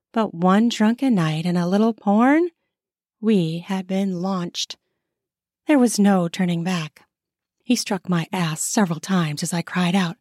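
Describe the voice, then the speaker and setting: A woman narrates an erotic story in the first person, taking her time over every phrase. Her reading is slow and intimate, and the close, dry recording has no room sound around her voice. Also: medium pitch, a little mellow, dry recording. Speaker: narrator and author.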